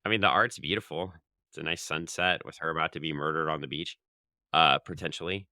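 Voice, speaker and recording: Podcast co-host, male, low gravelly voice, crisp dry delivery, recaps plots at length. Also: fairly even intonation, brisk, sharp tone, no echo. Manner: summarizes the plot in long runs, reading quoted lines aloud. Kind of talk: casual comic book review chat.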